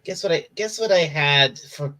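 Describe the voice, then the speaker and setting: Halting speaker in casual chat. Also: mid-range voice, a bit bright. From England. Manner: hesitant, halting.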